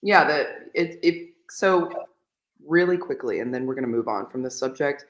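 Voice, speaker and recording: A woman's voice: rumbling low, animated, normal speed. Chatty woman on an echoey call. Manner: chatty, rambling, quotes people in voices. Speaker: podcast co-host. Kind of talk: casual livestream chat. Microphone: video call. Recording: echoey room on a laggy video call.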